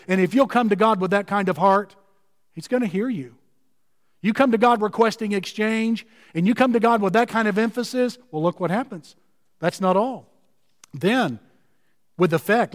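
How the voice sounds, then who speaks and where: Emphatic high-voiced man preaching. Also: in a large hall. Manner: emphatic, slows and stretches key words. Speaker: pastor. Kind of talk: sermon.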